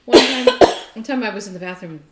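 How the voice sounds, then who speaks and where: A woman co-hosting a casual craft podcast, telling stories in an animated way. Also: fairly high pitch, brisk, very noisy. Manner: animated storytelling, mimics her cat. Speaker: podcast co-host. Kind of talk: casual chat. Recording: echoey room.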